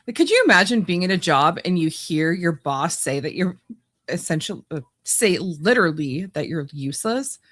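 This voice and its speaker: A woman co-hosts a podcast in casual, playful chat, teasing her partner. Her voice sits a little low, but her pitch moves in a very lively way. Her delivery is animated and light. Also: normal speed. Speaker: podcast co-host.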